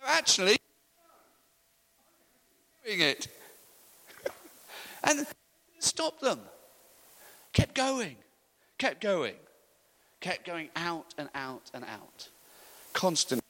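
A middle-aged man preaching a sermon, telling animated stories and laughing often. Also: a little high, takes it slowly, pauses often.

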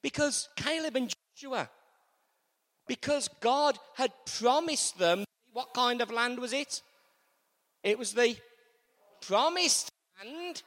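Animated preacher in a reverberant church. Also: male voice, very high voice. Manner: animated, repetitive call-and-response with congregation. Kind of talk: sermon.

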